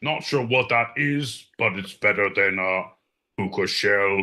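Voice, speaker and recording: A man putting on a loud Cockney street auctioneer, selling off a boy with slow, drawn-out shouts. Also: lowish voice. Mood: hawking. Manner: shouting, drawn-out sales patter.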